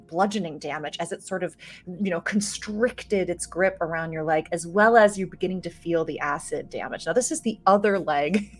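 A woman narrating a tabletop game as game master, descriptive and often pausing with fillers. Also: on the low side.

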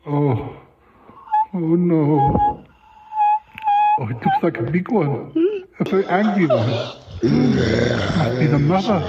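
A man's voice: fairly high pitch, exaggerated voice. A man voicing a timid, fretful male character who frets anxiously and keeps saying oh dear. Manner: anxious, dithering, lots of "oh dear". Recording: roomy, dull sound with loud noise.

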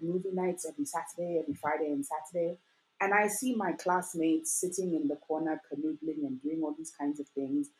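A young adult woman telling a personal story in conversation, animated and full of fillers, acting out the voices of the people she quotes. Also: low-pitched, rough recording. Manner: animated, acts out quoted voices, many fillers like "like" and "you know". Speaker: guest.

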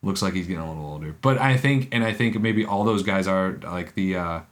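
Low-voiced rambling podcast co-host. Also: male voice. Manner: rambling, halting, with frequent laughs. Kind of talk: casual chat.

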